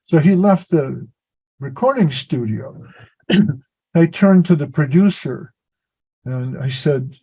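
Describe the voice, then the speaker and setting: A man's voice: a little high, expressive, a little slow, dark tone, breathy edge, low-quality recording. A man telling a meandering, self-deprecating story on a video call as a spiritual teacher. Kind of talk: anecdotal storytelling.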